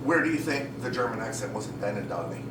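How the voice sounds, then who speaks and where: A man performing live improv comedy, animated and laughing, with some swearing. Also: medium pitch, fast. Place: stage at a comedy festival. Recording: roomy, distant mic, loud crowd noise.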